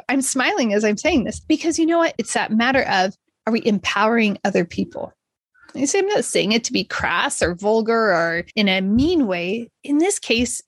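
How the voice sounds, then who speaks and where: A woman podcast host speaks in a fairly high voice, telling an uplifting personal story. She is earnest and upbeat and laughs often as she talks. The recording is dry and close, with no room sound. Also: no room sound. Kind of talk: motivational storytelling monologue.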